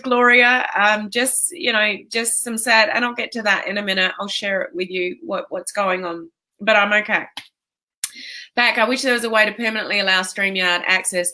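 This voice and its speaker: A woman's voice: on the high side, sharp tone. A woman coach chatting live with viewers, emotional and tearful from a migraine, greeting people by name. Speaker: online fitness coach. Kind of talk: live video chat with viewers.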